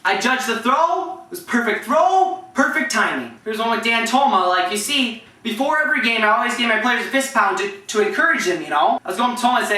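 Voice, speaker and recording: A man telling casual anecdotes in an animated way, acting out what people said, with restarts. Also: sits high, normal speed. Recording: echoey room, distant from mic.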